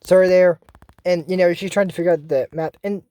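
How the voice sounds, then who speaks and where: A vlogger casually recapping a cartoon episode in a chatty, excitable way, full of fillers and restarts. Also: mid-range voice, a little fast, no room sound. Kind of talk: casual rambling recap commentary.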